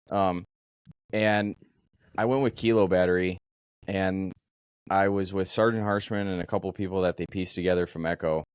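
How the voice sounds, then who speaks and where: Man, lowish voice, dry close mic, casual chat, animated storytelling. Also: clear, resonant tone, no echo. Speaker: podcast co-host, former Marine.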